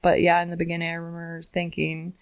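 A woman comedian on a casual podcast, telling candid stories with animated quoted asides. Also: lowish voice, fast talker, clear, resonant tone. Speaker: comedian guest.

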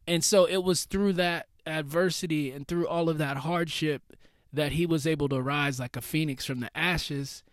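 A man's voice: on the high side, no echo, studio quality. Slangy man hosting a motivational podcast. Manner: casual slangy, calls listeners baby. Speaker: podcast host.

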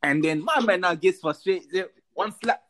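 Animated young man telling a story. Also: high voice, moderate pace. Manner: animated storytelling, London slang. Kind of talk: casual chat.

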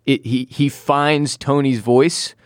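A man's voice: medium pitch, steady tone, takes it slowly, dry recording. Brief: male podcast co-host, playful banter, mid-range voice, close dry studio sound. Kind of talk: casual chat.

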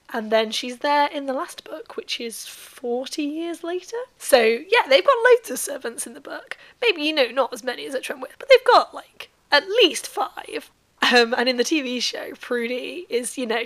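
A woman's voice: high-pitched, fairly bright tone. A woman chatting casually through a book recap, often repeating words as she thinks aloud. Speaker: book discussion host.

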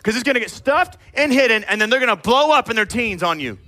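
A man preaching with a bright, ringing voice set high for a man, animated and emphatic. He addresses his congregation directly and calls them out, slipping into quick play-acted asides. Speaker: pastor. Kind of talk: sermon.

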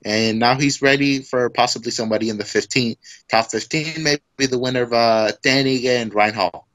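A man co-hosting a casual fight recap podcast, talking loosely with many halting fillers. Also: mid-range voice, a bit bright, low-quality recording. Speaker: podcast co-host.

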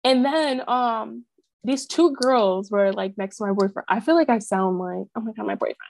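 Brief: young woman co-host, slightly high voice, rambling storyteller, dry close mic. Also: normal speed, gravelly, darkish tone, no room sound. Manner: chatty storyteller, heavy use of "like", acts out quotes. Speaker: podcast co-host. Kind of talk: casual chat.

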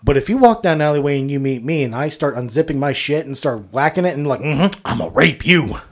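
A man's voice: on the high side, animated, fast, a little mellow. A man co-hosting a casual podcast, telling profane stories and laughing often. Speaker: podcast co-host. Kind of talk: casual storytelling chat.

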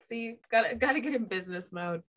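A young woman co-hosting a podcast, chatting animatedly and full of fillers. Her voice sits a little high and sounds bright. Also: animated, fast. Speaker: podcast co-host. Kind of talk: casual chat.

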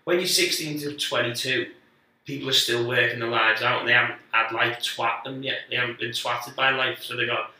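A guest comedian chats casually, telling rambling, sweary stories with lots of restarts. His medium-pitched voice sounds pushed and bright, fairly quick and fairly even in intonation, picked up off-mic in a very echoey space.

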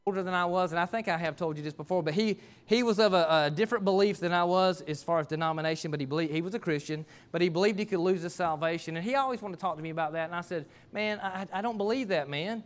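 A man's voice: on the high side, rapid-fire, hardly any pauses, clear, resonant tone. A middle-aged man preaching a sermon, a pastor telling a personal story in a folksy, conversational, self-deprecating way.

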